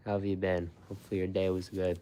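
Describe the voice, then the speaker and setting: A man chats loosely with his viewers, his voice sitting low and deep. He rambles, swears freely and breaks into laughter often, his talk full of "like" and restarts. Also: monotone, fast talker, mellow. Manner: rambling and profane, laughs often, many fillers. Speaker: food channel host. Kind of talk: casual live-stream chat with viewers.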